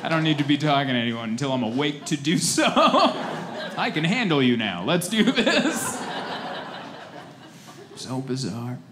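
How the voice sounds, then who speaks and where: A man's voice: a little high, huge pitch swings, a little slow, long pauses. A man in his thirties doing a self-deprecating stand-up set, acting out quoted voices along the way. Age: 30s. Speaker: stand-up comedian. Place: comedy stage before a laughing audience. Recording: live comedy set with audience noise. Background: audience laughter.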